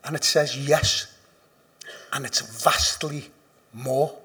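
A man with a Liverpool accent giving a personal recovery testimony, blunt and profane, dropping to a hush and then rising loud with laughter. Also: medium pitch, steady tone, takes it slowly, breathy edge. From Liverpool, England. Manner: blunt and profane, swinging from hushed confession to loud laughing emphasis. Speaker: speaker sharing at a recovery meeting.

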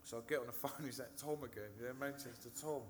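A man's voice: mid-range voice, fairly even intonation, quick pace, a little hiss or hum. A man, a recovering addict candidly telling his story, swearing, laughing and mimicking the people in it.

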